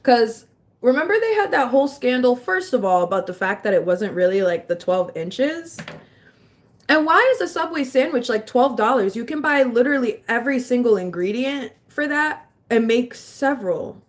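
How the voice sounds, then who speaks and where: With a fairly high, animated voice at normal speed, this livestreamer chats at home, reading viewer comments aloud, replying to them, and scolding her dog now and then.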